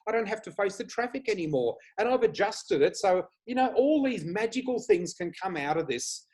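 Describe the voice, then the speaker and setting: An Australian man guesting on a video podcast, talking with lively, excitable enthusiasm about spiritual matters. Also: high voice, fairly quick, slightly rough, poor audio. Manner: enthusiastic, excitable, laughs often. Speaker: flower reader guest. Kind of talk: casual spiritual chat.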